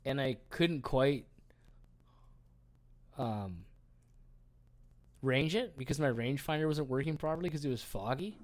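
A man's voice: medium pitch, lively intonation, a little slow, long pauses. A man co-hosting a podcast, telling a long story in casual chat, rambling with lots of fillers and swearing. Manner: rambling, filler-heavy, profane. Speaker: podcast co-host.

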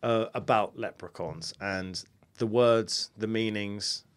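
A man's voice: fairly low pitch, fairly even intonation, slow, clear, resonant tone. A man hosting a casual podcast, reading out folklore notes and chuckling through jokey asides. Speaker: podcast host.

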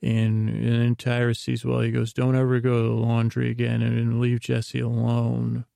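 A man's voice: medium pitch, monotone, normal speed, gravelly, warm tone, clean tone, no room sound, clean studio sound. A man hosting a sleep podcast, retelling a TV episode in a meandering bedtime ramble full of restarts and asides. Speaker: podcast host.

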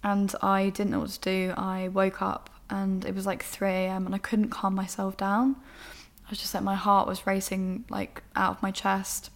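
A woman's voice: mid-range voice, completely flat delivery, moderate pace. Frank young Englishwoman telling a story. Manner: emotional, rambling, frank with swearing. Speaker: podcast host. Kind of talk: candid personal storytelling.

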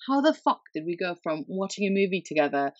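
A woman with a lowish voice tells parenting stories in casual podcast chat, animated and swearing freely as she acts out what people said. The sound is dry and a little dull, like a lo-fi recording. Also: fast talker, no echo. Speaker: podcast guest, mother.

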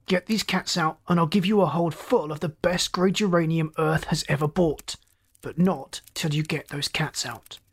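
The narrator voicing a gruff, short-tempered male chief engineer who roars and snaps orders. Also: mid-range voice, steady tone, normal speed, natural voice. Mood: angry. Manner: roaring, snapping commands.

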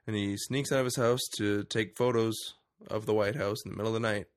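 A man co-hosting a podcast, casually retelling a film's plot with quick acted-out quotes. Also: lowish voice, steady tone. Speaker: podcast co-host. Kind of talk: casual movie review chat.

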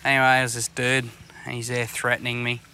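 Aussie male co-host, bright, forward voice, casual yarn-spinner who swears constantly, recorded outdoors with faint engine noise. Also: medium pitch, monotone, quick pace. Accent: Australian. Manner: swears constantly, rambling anecdotes with laughs. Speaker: podcast co-host. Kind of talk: casual chat. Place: outdoors on a fishing boat.

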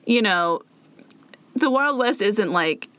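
A woman's voice: mid-range voice, animated, takes it slowly, fairly bright tone, clear, resonant tone, no echo. A woman co-host in a casual chat, reacting playfully and making jokes. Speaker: podcast co-host.

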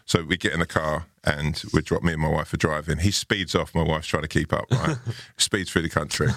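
Deep-voiced man telling a rambling story. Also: fairly even intonation, brisk, a bit bright, dry recording, studio quality. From Ireland. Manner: rambling, full of "like" and "sort of". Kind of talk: casual storytelling.

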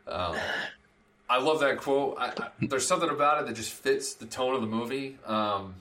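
A man's voice: medium pitch, moderate pace, bright, forceful tone. A man co-hosting a film review podcast in casual chat, thinking aloud with restarts. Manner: hesitant, lots of restarts. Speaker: podcast host.

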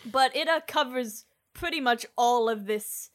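A slightly high-pitched woman narrating as game master for a tabletop game. She talks loosely and casually, filling pauses with "uh" as she hunts for the right word. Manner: chatty, loose, searching for words with fillers.

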